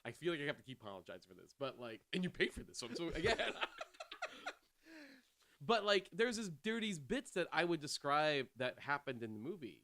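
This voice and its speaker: A man's voice: on the high side, sing-song, fairly quick, background noise. A man co-hosting a film podcast in casual chat, rambling and self-deprecating and often laughing. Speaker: podcast co-host.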